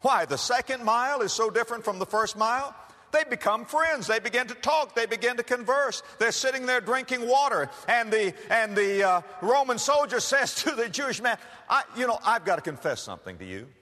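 A man preaching a sermon, telling a story dramatically and swinging between loud and hushed. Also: very high-pitched, normal speed, long reverb tail.

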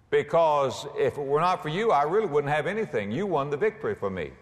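Animated preacher in a reverberant hall. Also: male voice, on the high side, a little fast, hardly any pauses. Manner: dramatic, rising to shouts at climaxes. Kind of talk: sermon.

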